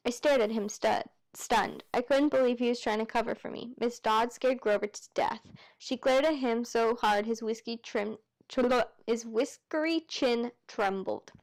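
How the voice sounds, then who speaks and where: A woman reading a novel aloud in a relaxed, unpolished way. She stops for chatty asides and often corrects herself mid-word, and her voice sits a little high. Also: measured pace. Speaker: amateur reader. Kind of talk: casual read-aloud of a novel.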